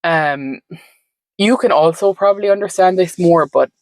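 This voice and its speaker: A reflective woman, a podcast guest, tells her story conversationally, meandering and frequently using "like" and "um." Her fairly low voice has a darkish tone and moderate pace, captured on a dry, low-quality recording.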